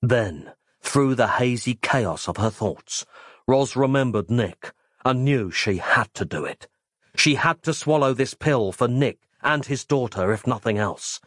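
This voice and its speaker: A man reads a comic novel aloud with a playful, expressive delivery. His pitch swings a lot from phrase to phrase, while his voice stays around a mid pitch. The recording is dry and close, with no room around it. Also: measured pace, no room sound. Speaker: audiobook narrator.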